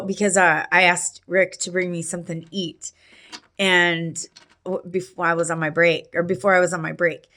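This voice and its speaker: A middle-aged woman telling a personal story in a casual, rambling way, full of fillers and restarts, with allergies that make her clear her throat. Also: fairly low pitch, fairly bright tone.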